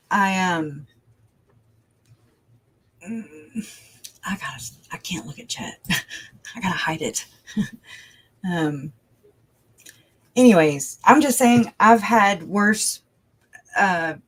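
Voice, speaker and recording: A livestream host in casual talk, rambling and animated, with frequent laughs and many fillers, and getting loud when worked up. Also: medium pitch, rough recording. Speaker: true crime livestream host.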